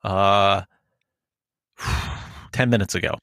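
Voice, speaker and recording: Animated storytelling man, dry close mic. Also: deep voice, slow pace, dry recording. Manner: animated storyteller, acts out phone calls, swears. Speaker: podcast co-host. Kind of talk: casual chat.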